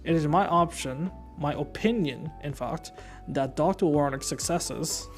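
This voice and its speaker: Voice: mid-range voice, unhurried, soft background music, close to an everyday voice. A streamer putting on a stiff German official. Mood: declaiming. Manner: formal, declaiming, breaks into giggles. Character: stiff German official reading a wartime report. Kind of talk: mock-dramatic reading of an in-game document.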